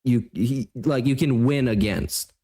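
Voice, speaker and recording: Man, casual stream co-host, mid-pitched, rambling and relaxed. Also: a little slow, husky.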